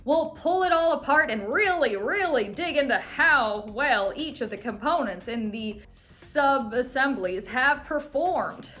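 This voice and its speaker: A woman's voice: high-pitched, lively intonation, a little slow, hardly any pauses, a bit bright, faint music behind. A woman putting on a male company boss with an exaggerated southern drawl. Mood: hammy.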